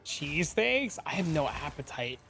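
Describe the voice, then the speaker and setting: Bright-voiced man chatting on a stream. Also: fairly high pitch, very animated, measured pace, vocal fry, soft background music. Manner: rambling, swearing, answers chat. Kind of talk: casual chat while streaming a game. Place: home streaming room with green screen.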